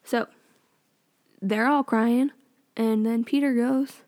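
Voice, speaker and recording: A woman's voice: on the high side, steady tone, takes it slowly, pauses often, a little mellow. A young woman chatting casually and sarcastically as a vlogger recapping a TV show, full of opinions. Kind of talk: casual chat.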